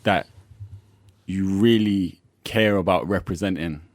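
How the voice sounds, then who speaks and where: A man hosting a casual interview, relaxed and easygoing, filling his talk with "like" and short "yeah" replies. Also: sits low, takes it slowly, no room sound, studio quality. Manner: relaxed, lots of "like" and "yeah" backchannels. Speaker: podcast host.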